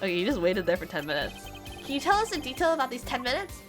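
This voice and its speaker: A woman's voice: fairly high pitch, wildly swooping pitch, quick pace. A woman voicing an earnest young male defense attorney who questions the witness directly, read over game music. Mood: pressing.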